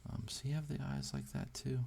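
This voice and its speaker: Gravelly man rambling while he draws. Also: mid-range voice, flat delivery, brisk, darkish tone. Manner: thinks aloud, unsure and self-deprecating. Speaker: amateur artist hosting a drawing channel. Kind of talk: casual rambling while drawing.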